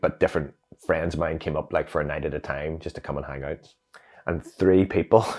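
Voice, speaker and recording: A Northern Irish man, an interview guest, telling a personal story in a reflective, animated way with many fillers. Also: very deep voice, breathy edge. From Northern Ireland.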